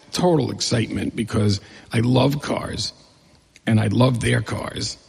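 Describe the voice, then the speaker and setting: A man in middle age tells a personal story to a crowd with humor and life, acting out each exchange. His voice is gravelly and husky, with plenty of fry. It carries a long reverb, as from a hall. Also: medium pitch. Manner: lively, humorous, acts out dialogue.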